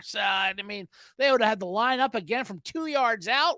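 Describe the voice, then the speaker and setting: A man's voice: sits high, lively intonation, normal speed, bright, forceful tone, no room sound, clean studio sound. A man in his thirties hosting a sports betting podcast, ranting sarcastically and mocking people with put-on voices.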